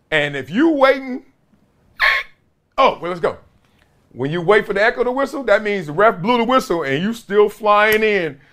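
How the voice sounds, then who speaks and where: A former football player hosting a sports talk show, talking animatedly, laughing and acting out quotes. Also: male voice, high voice. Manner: lively, laughing, acts out quotes.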